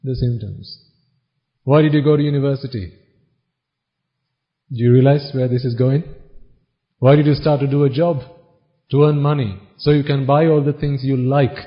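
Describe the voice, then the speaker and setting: A man giving a Buddhist sermon, asking the audience questions and answering them himself, now and then reciting Pali phrases quickly. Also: mid-range voice, fairly even intonation. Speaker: Buddhist preacher. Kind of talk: dharma talk sermon. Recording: dull lo-fi recording.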